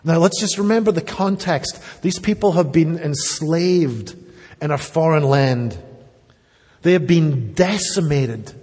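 A male pastor preaches earnestly and emphatically, sometimes turning to address the children directly. His voice is a little high, unhurried, a little mellow and slightly rough. A church hall's long reverb fills the recording.

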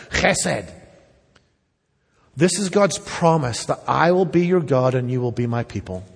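A man's voice: high voice, creaky, breathy edge. A man preaching a sermon, earnest and emphatic, turning at times to speak directly to the children. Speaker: pastor. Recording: long reverb of a church hall.

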